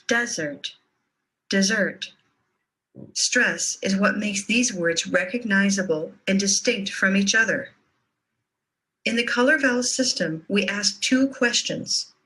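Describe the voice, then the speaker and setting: A woman narrates a scripted pronunciation lesson in a bright, clear voice. She speaks slowly and evenly, saying each word carefully so listeners can repeat after her. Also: mid-range voice, poor audio. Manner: clear, measured, modeling words for repetition.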